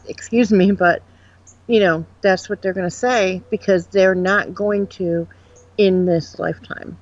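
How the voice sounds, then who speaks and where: Her lowish, darkish voice stays steady and unhurried, free of echo but on dull lo-fi audio. The woman, an Upstate New York psychic medium appearing as a guest, talks openly and energetically about her experiences in a loose, rambling interview.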